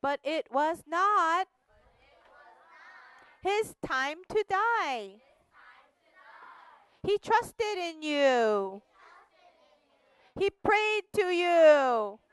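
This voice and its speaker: A woman teaching children at church and leading them in a gentle, slow prayer. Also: extremely high pitch, very animated, dry recording.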